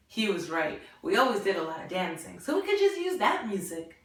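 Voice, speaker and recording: Bilingual storyteller, woman; playful, animated delivery, far from the mic in a roomy hall. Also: medium pitch, a little fast, hardly any pauses. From United States. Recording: echoey room from far off.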